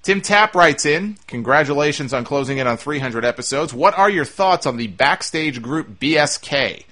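On the high side and pushed bright, this man's voice has lively intonation and a moderate pace. He's answering listener mail on his casual podcast, conversationally, often saying "uh" and restarting.

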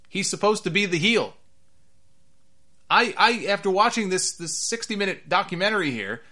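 A man giving opinionated solo commentary on wrestling, animated and sarcastic, repeating himself for emphasis. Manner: animated, rises in pitch when worked up.

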